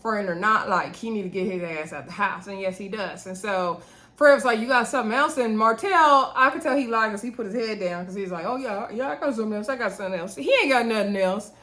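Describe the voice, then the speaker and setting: A woman's voice: medium pitch, quick pace, bright, forceful tone. Chatty woman recapping TV drama. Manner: chatty, retells scenes with quoted dialogue and asides. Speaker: TV recap host. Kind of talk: casual show recap.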